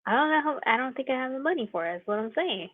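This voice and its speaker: Giggly tabletop player, woman, slightly high. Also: expressive, racing, no room sound, narrow, tinny audio. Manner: giggly, narrates her character. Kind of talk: tabletop role-play.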